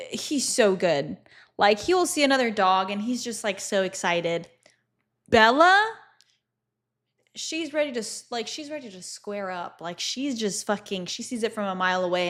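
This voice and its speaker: A woman's voice: medium pitch, fairly bright tone. A young woman livestreaming, casually telling stories to her chat, swearing freely and laughing often.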